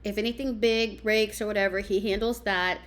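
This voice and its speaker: A woman hosting a commentary, calmly questioning the men in her audience and listing out household tasks. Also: mid-range voice. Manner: measured, questioning, lists things out. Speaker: commentary host. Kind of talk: reaction commentary.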